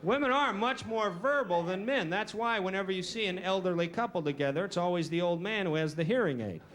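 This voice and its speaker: A man doing a stand-up comedy routine with a dry, deadpan, self-deprecating delivery. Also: high-pitched, fairly quick, a crowd in the background. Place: comedy stage before a live audience. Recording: noisy early 1990s VHS recording.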